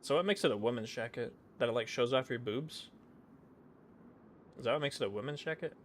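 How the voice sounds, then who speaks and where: In this casual gaming chat, a man with a mid-range voice talks a little fast while streaming a role-play game, rambling, putting himself down, and frequently mumbling. The recording has a noisy background.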